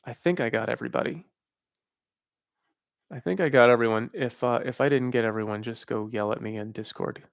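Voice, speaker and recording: A man with a gravelly, creaky voice talks in a loose, halting way, thinking aloud and restarting his sentences. He sounds tired and worn out, as if he has talked for too long. His voice is close and dry, with no room sound. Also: medium pitch, dry recording. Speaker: livestream host. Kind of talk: casual live Q&A talk.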